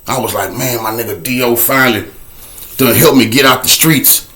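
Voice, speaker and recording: A man telling his own story in a casual, animated way, dropping to a low murmur for a repeated refrain. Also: moderate pace.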